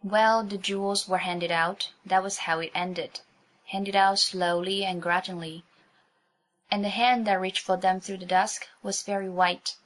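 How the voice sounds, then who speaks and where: A woman reads a children's story aloud in a clear, even narrating voice. Her pitch sits in a comfortable middle range. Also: a little slow. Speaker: audiobook narrator.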